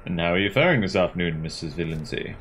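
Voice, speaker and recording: A man voicing a polite, steady ship commander who speaks calmly and reassuringly. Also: sits low, fast, slight background noise, voice pushed down. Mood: courteous. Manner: calm, courteous, reassuring.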